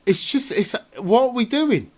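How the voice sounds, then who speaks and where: A man's voice: very high-pitched, expressive, unhurried, background noise. A man doing a casual trailer reaction in a rambling, sarcastic, exasperated way.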